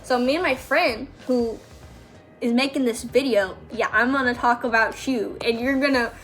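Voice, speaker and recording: A woman's voice: on the high side, moderate pace, a bit bright, faint music behind. A young woman telling stories about working as a background extra, casual and chatty, full of fillers and quoted voices. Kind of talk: casual storytelling.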